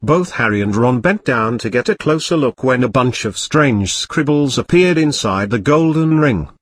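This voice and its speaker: Brief: deadpan male parody narrator, animated intonation. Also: mid-range voice, normal speed, no echo. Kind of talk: comic storybook narration.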